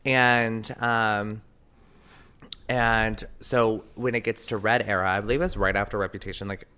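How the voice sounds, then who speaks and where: Bright, crisp-voiced excitable male podcast host. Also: lowish voice, a little slow. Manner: excited rambling storytelling, heavy use of "like". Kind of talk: casual chat.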